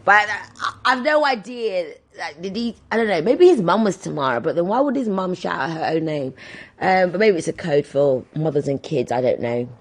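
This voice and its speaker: A woman's voice: fairly low pitch, moderate pace. A woman in her thirties hosting a podcast, telling casual stories and acting out the people in them. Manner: animated, acts out voices in her anecdotes. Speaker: podcast host. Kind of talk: casual storytelling monologue.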